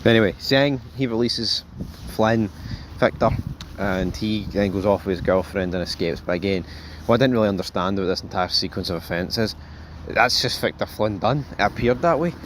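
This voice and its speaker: A man hosting a casual TV review, rambling and animated, swearing freely and calling viewers folks. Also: on the low side, brisk, few pauses, slight background noise. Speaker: show host, TV reviewer.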